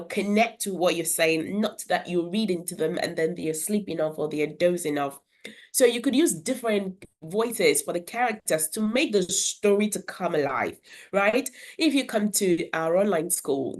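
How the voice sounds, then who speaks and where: A woman educator, giving earnest instructional advice to parents about reading and talking with their children. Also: lowish voice. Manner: earnest, explanatory, with brief demonstrations of character voices.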